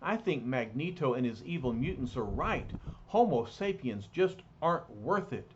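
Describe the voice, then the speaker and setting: A man reading as Beast, soft-spoken and formal. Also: medium pitch, lively intonation, moderate pace, close to an everyday voice. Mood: bitter. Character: brainy, gentle young male mutant hero. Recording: slightly dull, lightly noisy recording.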